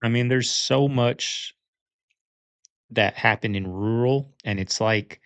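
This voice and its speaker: A man's voice: medium pitch, takes it slowly, a bit bright, dry recording. A man co-hosting a reaction podcast, rambling loosely through theories in casual chat. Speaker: co-host reacting to clips.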